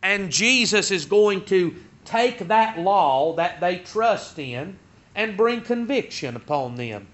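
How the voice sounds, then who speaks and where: A man teaches a Sunday school Bible lesson in a conversational way, his voice bright and forceful and a little high. He lifts his pitch and force when he retells what the crowds said. The recording sounds dull and lo-fi. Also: lively intonation, takes it slowly.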